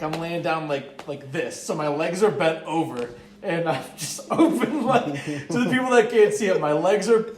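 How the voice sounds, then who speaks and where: A young man telling a long story on a podcast, rambling, swearing freely and saying "like" constantly. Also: a little high. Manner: rambling, profane, heavy use of "like". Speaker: podcast co-host. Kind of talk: casual storytelling chat. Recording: echoey room.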